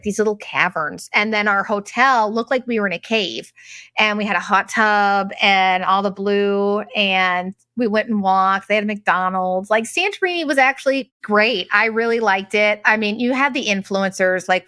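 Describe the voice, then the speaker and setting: A middle-aged woman tells a long casual travel story in a chatty, rambling way. She's sarcastic and leans on "like" constantly, at a middling pitch. The recording is dry and close, with no room sound. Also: fairly bright tone, no echo. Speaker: podcast host.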